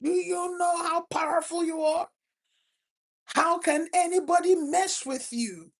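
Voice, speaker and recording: A woman voicing an excited male friend who urges her on, repeating his questions insistently. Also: extremely high pitch, a little slow, pitched above the performer's own voice. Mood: fervent.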